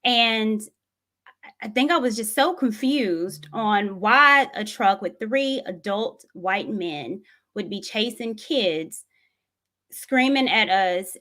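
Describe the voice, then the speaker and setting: A woman, speaking to her viewers in an earnest, reflective way. She tells a personal story at an unhurried pace. Her voice sits in a mid range. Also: mid-range voice, animated, pushed and bright. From Tennessee, USA. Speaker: vlogger.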